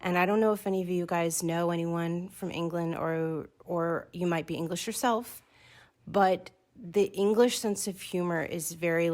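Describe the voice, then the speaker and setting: A woman hosting her own podcast, talking to listeners in a chatty, excitable, self-deprecating way. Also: lowish voice. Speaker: podcast host. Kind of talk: casual solo podcast talk.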